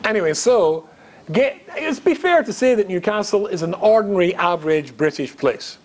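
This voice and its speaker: A man's voice: high voice, animated, normal speed. A middle-aged man from Scotland, a rabbi giving a humorous storytelling lecture, chatty and joking with asides to the audience. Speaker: rabbi and guest speaker.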